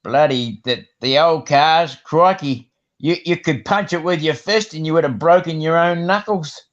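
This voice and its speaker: A man's voice: fairly high pitch, moderate pace. A man, chatting casually on a livestream and swearing freely with slang. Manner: swears freely, uses slang like "bloody" and "crikey". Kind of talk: casual chat. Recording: muffled livestream audio.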